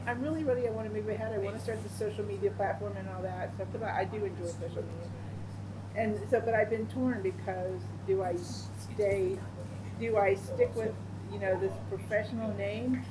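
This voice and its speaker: A woman at a writers' group asks a question, hesitant and halting with many fillers. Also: medium pitch, over a noisy crowd, poor audio. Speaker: attendee asking a question. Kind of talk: casual group discussion.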